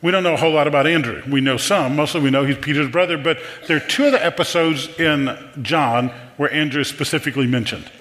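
A man's voice: fairly high pitch, fast, few pauses, fairly bright tone. A man preaching a conversational sermon, repeating words and asking the audience questions. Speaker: pastor. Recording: long hall reverb.

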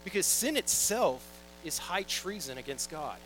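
A man's voice: on the high side, very animated, measured pace, a bit bright, a little hiss or hum, poor audio. A young man preaching a sermon in a casual, joking, storytelling way, reading scripture and acting out little quoted asides. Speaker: pastor.

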